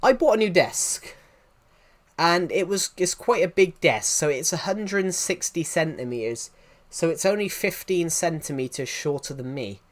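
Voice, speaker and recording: His voice a little high with lively intonation, a man from England speaks at a moderate pace in a Southwest English accent. He answers viewers' messages on a casual live stream, rambling and restarting frequently.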